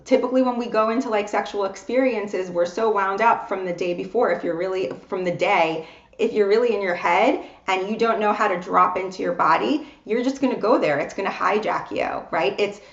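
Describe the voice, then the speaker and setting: A woman's voice: medium pitch, a little fast, reverberant, muffled recording. A woman co-hosting a casual podcast as a coach, talking earnestly and repeating words for emphasis. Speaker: co-host and coach.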